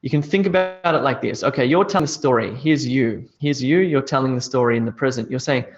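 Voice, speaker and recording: A man's voice: mid-range voice, fast talker, dull audio. A man teaching English grammar in a live online class, explaining step by step and reading out students' answers.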